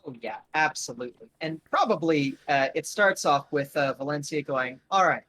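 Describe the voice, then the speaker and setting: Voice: medium pitch, moderate pace, fairly bright tone, a little hiss or hum. Casual, rambling game master, loose narration, swears freely.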